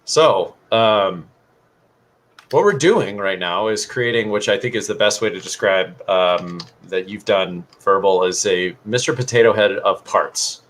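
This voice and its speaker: A man's voice: on the low side, unhurried, a bit bright, slight background noise. A man co-hosting a casual livestream, explaining things in a loose, rambling way with lots of fillers. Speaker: livestream co-host.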